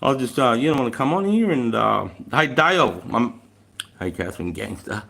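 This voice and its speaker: A man's voice: medium pitch, lively intonation, moderate pace, creaky, sharp tone. Laid-back Australian man chatting on stream. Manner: rambling, laid-back, swears freely, often laughs. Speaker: live streamer. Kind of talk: casual live-stream chat with viewers. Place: room at home with a fire going.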